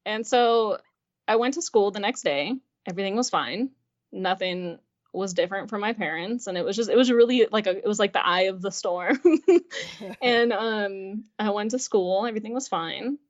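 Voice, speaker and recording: Woman guest, storytelling, filler-heavy, acts out quoted dialogue, mid pitch, muffled lo-fi audio. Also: moderate pace. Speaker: interview guest. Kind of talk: personal storytelling in casual conversation.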